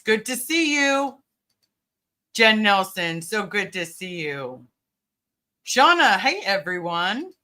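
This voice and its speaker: Bright-voiced woman hosting a livestream. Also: on the low side. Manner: earnest, reassuring, greets viewers by name. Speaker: livestream host. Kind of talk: casual livestream chat.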